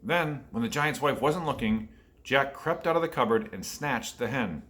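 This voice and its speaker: A man reads a fairy tale aloud to children, pausing to ask them questions. His voice is bright and forceful. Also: mid-range voice, expressive. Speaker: storyteller for children. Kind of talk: reading a picture book aloud.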